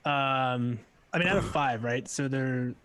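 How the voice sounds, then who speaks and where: A man's voice: medium pitch, measured pace, a bit bright, clear, resonant tone, no room sound. A man playing a tabletop war game, asking hesitant questions about the rules. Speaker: player. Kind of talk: casual tabletop game chat.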